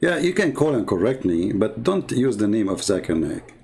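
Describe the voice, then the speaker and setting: A man's voice: lowish voice, sing-song, normal speed, creaky, darkish tone. A man hosting an online commentary show, speaking in a mocking, argumentative way. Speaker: host.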